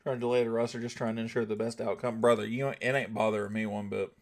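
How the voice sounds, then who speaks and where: Southern guy streaming games, gravelly voice, joking around w chat, pretty chill. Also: lowish voice, little pitch movement, fast talker. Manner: laid-back, joking, talks to chat. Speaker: gaming streamer. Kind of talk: casual live-stream chat.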